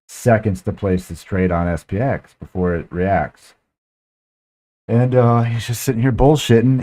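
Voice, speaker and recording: Low, dark-voiced man ranting. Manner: frustrated, profane ranting. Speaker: podcast host. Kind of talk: casual chat.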